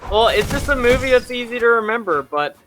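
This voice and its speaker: A man's voice: extremely high pitch, expressive, quick pace, background noise. A young man hosting, casually retelling a film plot in rambling fashion, full of fillers and self-corrections. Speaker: host.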